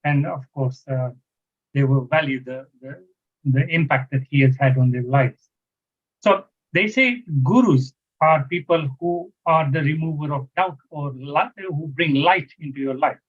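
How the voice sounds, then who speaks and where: Husky-voiced male panel moderator. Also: fairly high pitch, unhurried, phone-quality sound. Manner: hesitant, restarts phrases. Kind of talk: livestream panel discussion.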